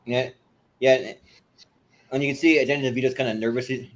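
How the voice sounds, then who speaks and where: A man's voice: medium pitch, fairly even intonation, brisk. Man chatting casually with many fillers. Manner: hesitant, many "like" and "yeah", short agreeing replies; reads quotes from his notes. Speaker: podcast co-host. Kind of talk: casual chat.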